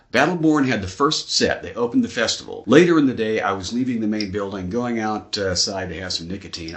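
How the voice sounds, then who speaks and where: A male metal host talks in a low register, his voice swinging up and down as he spins a casual, profane story. He speaks like a fan chatting with his viewers. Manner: lively, swearing, animated storyteller. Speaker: interviewer and channel host.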